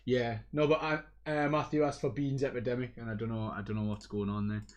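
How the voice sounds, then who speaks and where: Brief: male streamer, mid-pitch, chatty, excitable, wanders off topic, self-mocking. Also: fast. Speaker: livestream host. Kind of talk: casual livestream chat.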